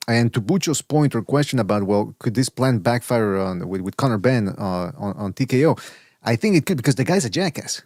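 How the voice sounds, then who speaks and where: A man's voice: medium pitch, lively intonation, fairly quick, a little mellow, no room sound, clean studio sound. A man co-hosting a boxing podcast in casual chat, rambling with many stammers and restarts. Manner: rambling, stammers and restarts, mimics others' voices. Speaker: podcast co-host.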